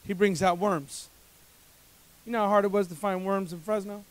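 A man preaching a sermon from the pulpit, his voice sitting high for a man. He swings from quiet, confiding passages to loud, rising appeals, acting out the voices of the people he describes. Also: steady tone, normal speed. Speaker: pastor.

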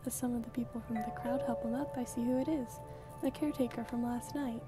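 A wife in a video game recounts her dream at length in a steady storytelling manner, read out by a woman. The voice sits slightly high. Game music plays behind her. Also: quick pace, close to an everyday voice. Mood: telling. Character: woman telling her husband a strange dream. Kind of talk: reading game dialogue aloud.

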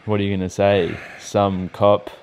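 A man acts out a smug police constable. His voice is low and his delivery stays flat and officious. He lectures the prisoner in a dry, deadpan way. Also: moderate pace, background noise, close to an everyday voice. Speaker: comic sketch actor. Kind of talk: improvised comedy sketch.

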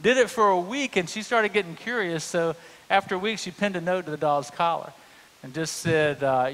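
A man's voice: sits high, moderate pace, a bit bright. Man, pastor, conversational humorous sermon, long echo of a church sanctuary.

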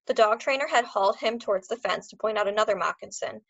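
A woman reading a novel chapter aloud as a teacher, expressive and acting out the characters. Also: mid-range voice, a little fast, no room sound, dull audio.

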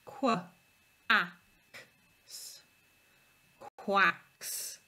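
Slow, bright-voiced teacher. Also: female voice, on the high side, sing-song. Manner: slow, clear, sounding out letters. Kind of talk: phonics lesson for young children.

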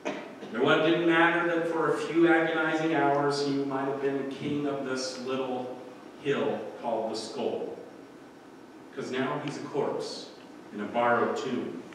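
A man's voice: mid-range voice, level tone, a little slow, a little hiss or hum. A man preaching a sermon as pastor, earnest, lifting his voice on the quoted lines. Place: church sanctuary. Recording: echoey church hall, mic at a distance.

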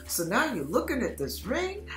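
A woman's voice: on the high side, wildly swooping pitch, normal speed. A woman giving a devotional message, telling a story as a scenario and acting out panicked inner voices. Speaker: Christian vlogger. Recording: echoey room with soft background music.

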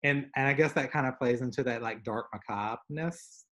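Chatty Southern man, lively storyteller. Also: medium pitch, moderate pace. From American South. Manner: animated storyteller, many fillers. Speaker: artist guest. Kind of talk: casual conversation.

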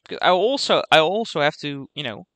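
A man's voice: a little high, expressive, brisk, a bit bright, no room sound. A young man hosting a let's-play, thinking aloud as he plays and saying "okay" over and over. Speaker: gaming channel host. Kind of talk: casual let's-play commentary.

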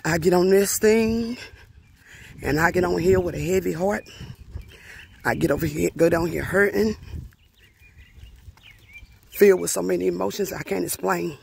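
A woman's voice: fairly low pitch, moderate pace, creaky, pauses often, darkish tone, a little hiss or hum. A middle-aged woman speaking in a heartfelt personal video message, grieving, emotional and earnest, often repeating herself. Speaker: grieving mother vlogger.

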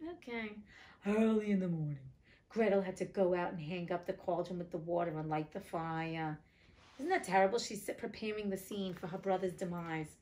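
A woman's voice: fairly low pitch, normal speed, dark tone. A woman reading a fairy tale aloud as the host of a reading show, breaking in with joking, chatty comments. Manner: joking, chatty commentary between read passages. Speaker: audiobook reader.

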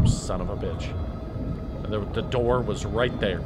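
A man commentating his own horror game playthrough, excitable and jokey, swearing freely and talking to himself. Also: on the low side, measured pace. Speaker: gaming streamer. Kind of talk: let's-play commentary. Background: game music and sounds.

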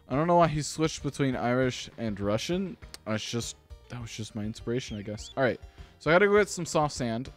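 A man hosting a gaming channel, giving rambling, self-deprecating let's-play commentary with sudden excited outbursts. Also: medium pitch, brisk, faint music behind.

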